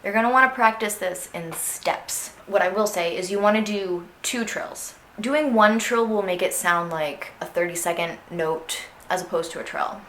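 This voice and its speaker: A young woman talks through a clarinet excerpt in a relaxed, chatty way and often sings short phrases aloud to show them. Her voice sits at a middle pitch. The recording carries a noticeable room echo with a faint hiss behind it. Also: moderate pace, few pauses. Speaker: clarinet teacher. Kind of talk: instructional music lesson. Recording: echoey room with faint noise.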